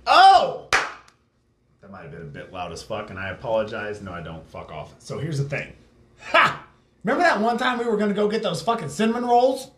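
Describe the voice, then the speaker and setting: A man co-hosting a podcast, talking crudely and loudly, laughing often and mimicking people. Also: mid-range voice, animated, quick pace, reverberant. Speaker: podcast co-host. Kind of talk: crude casual chat.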